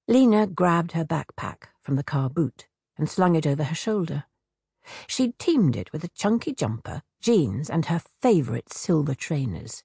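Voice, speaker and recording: Gravelly woman reading a story. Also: deep voice, normal speed, no echo, clean studio sound. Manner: expressive reading, many character voices. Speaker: narrator. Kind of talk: storybook narration.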